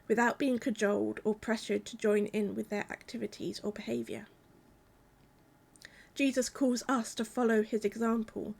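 Woman, preacher, calm measured sermon, reflective, slightly high-pitched. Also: gravelly.

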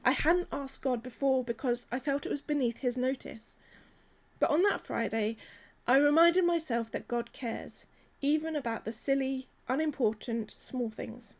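A woman, preaching a sermon in a gentle, measured, earnest way. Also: high voice.

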